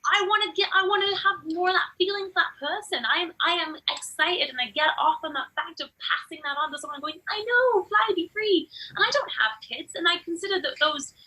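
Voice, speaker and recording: A woman who teaches burlesque, chatting in a casual podcast interview and acting out quotes in lively voices. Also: very high voice, a little fast, few pauses, poor audio. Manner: animated, acts out quotes in different voices.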